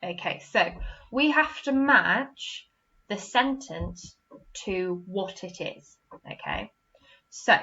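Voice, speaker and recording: A woman's voice: mid-range voice, expressive, takes it slowly, sharp tone, highs cut off. A woman teaching a primary school literacy lesson, patiently repeating "okay?" and acting out example sentences with expression. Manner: patient, repeats "okay?" after each point.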